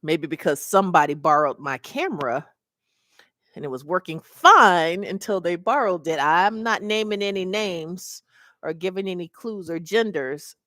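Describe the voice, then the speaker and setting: A woman's voice: lowish voice, moderate pace, a bit bright, no echo, studio quality. A middle-aged woman and mobile notary mentor, telling a story casually to her webcam and acting out the voices of the people in it.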